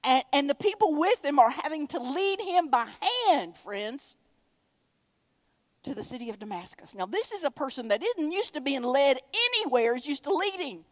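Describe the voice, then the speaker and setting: A woman preaching a sermon, swinging between loud emphatic lines and hushed, whispered ones. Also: sits high, very animated, moderate pace, no room sound.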